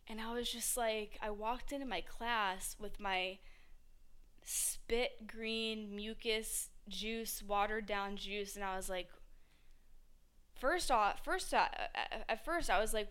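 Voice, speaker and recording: A young woman talks through a story on her own podcast with a candid, unfiltered energy, dropping swear words and slipping into the voices of the people she quotes. Her tone is smooth and clear, set at an average pitch for a woman. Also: a little slow, a bit bright. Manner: candid, swears freely, acts out both sides of conversations. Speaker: podcast host. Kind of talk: casual storytelling monologue.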